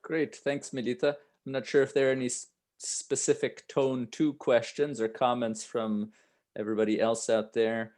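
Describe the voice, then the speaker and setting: A man's voice: mid-range voice, flat delivery, normal speed, a little mellow. A man moderating an online chant workshop, thanking the speaker and inviting questions, briefly humming a melody line. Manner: hums short melody to illustrate.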